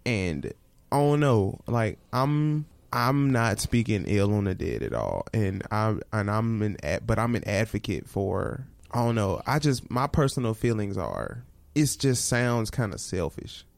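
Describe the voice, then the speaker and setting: A man's voice: lowish voice, animated, a little slow, vocal fry, no echo. A man hosting a podcast, talking bluntly and frankly in casual slang. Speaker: podcast host.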